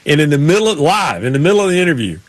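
Male podcast host, casual storyteller, fairly high voice, dry close sound. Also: sing-song, racing, dry recording. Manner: storytelling, imitates drawling racers. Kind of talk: casual sports chat.

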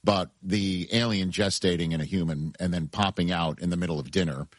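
A man hosting a relaxed interview conversation and tossing in jokes. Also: deep voice, brisk, no room sound, studio quality. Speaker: host. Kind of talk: casual interview chat.

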